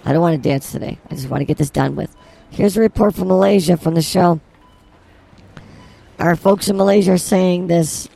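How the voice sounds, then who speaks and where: A man's voice: high voice, normal speed, vocal fry, warm tone, faint music behind. A man co-hosting an improvised comedy podcast in a grocery store, blustering with mock-angry threats. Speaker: podcast co-host.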